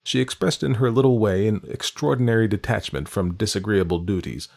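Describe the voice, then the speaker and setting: A man reading a classic novel aloud as narrator, measured and literary in his delivery. His voice sits on the low side, and the long, winding sentences are paced with care. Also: gravelly, a little mellow. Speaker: audiobook narrator.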